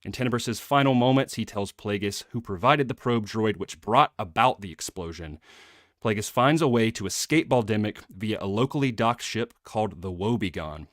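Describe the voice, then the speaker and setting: A man's voice: on the low side, no echo, clean studio sound. A man hosting a casual book club live stream, rambling with fillers and frequent laughs.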